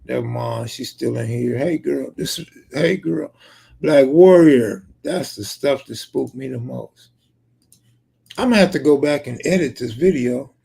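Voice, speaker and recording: A Californian live streamer with a very gravelly, husky voice reads chat comments aloud and banters back, joking and swearing. His voice is mid-range and darkish, at normal speed, in a casual stream chat.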